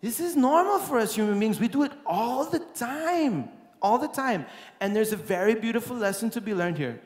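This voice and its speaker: A man giving a lively, playful keynote talk to a live audience as a conference speaker and musician. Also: high-pitched, normal speed. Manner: lively and playful, breaking into song and acting out quotes. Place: large conference hall, on stage. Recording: echoey hall with long reverb and faint music.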